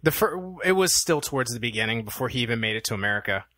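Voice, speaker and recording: Young male podcast co-host, mid-pitched, bright and punchy, loose and conversational, recorded dry. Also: lively intonation, fast, no echo. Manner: easygoing, thinks aloud with many "um"s. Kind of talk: casual film review chat.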